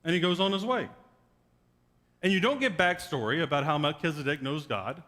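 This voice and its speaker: A male pastor preaches in a wry, joking storyteller's way, his voice pitched a little high for a man. A long reverb from the church sanctuary trails every phrase. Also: brisk, pushed and bright. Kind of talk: sermon.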